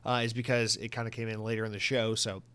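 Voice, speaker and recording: A young man hosting a podcast, reading listener comments in a rambling, profane, animated way on a close mic. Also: fairly low pitch, quick pace, clear, resonant tone. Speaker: podcast host.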